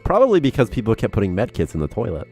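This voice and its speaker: A deep-voiced man chatting loosely through a game development stream, wandering from topic to topic. His sentences ramble and fill up with "like" and small laughs. Soft music runs faintly behind him. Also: huge pitch swings, very fast. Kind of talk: casual live-stream chat.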